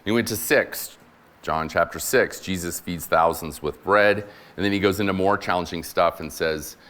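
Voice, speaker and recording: A man's voice: low voice, moderate pace, fairly bright tone. A man, a military chaplain, preaching as a guest speaker and retelling scripture in a casual, playful way with slang. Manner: acts out quoted voices in conversational paraphrase. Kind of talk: sermon.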